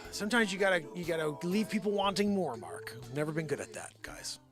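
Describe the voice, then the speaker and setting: A man's voice: high-pitched, very animated, a little fast, fairly bright tone, faint music behind. A man hosting a live show and rambling jokily, often sliding into impressions. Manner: rambling, jokey, slips into impressions. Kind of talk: improvised comedic livestream rambling.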